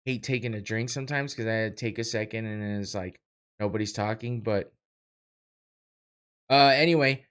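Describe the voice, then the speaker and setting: This young solo podcast host has a mid-range voice that is fairly bright, clear, and resonant. He chats casually over a live fight in watch-party style, rambling, cursing, poking fun at himself, and laughing frequently.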